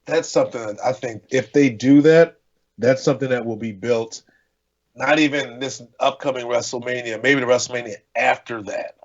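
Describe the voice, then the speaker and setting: A man at a middling pitch gives frank, measured opinions in a casual podcast chat. His mic sounds dull and slightly lo-fi. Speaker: podcast co-host.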